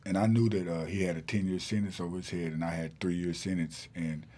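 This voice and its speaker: A man's voice: deep voice, fairly even intonation, fairly quick, mellow. A man, a podcast guest telling a long story in a rambling way with many fillers and restarts. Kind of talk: casual storytelling in an interview.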